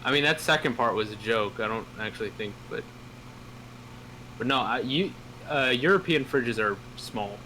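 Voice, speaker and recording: A young American man chatting and joking on a stream, quick to laugh. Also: mid-range voice, animated, sharp tone, slight background noise, low-quality recording. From United States. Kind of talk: casual chat on stream.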